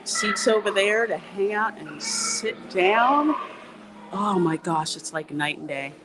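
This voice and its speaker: A woman hosting a casual, educational walking livestream, chatty and animated as she greets viewers. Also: medium pitch, slow, noisy background. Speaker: livestream host.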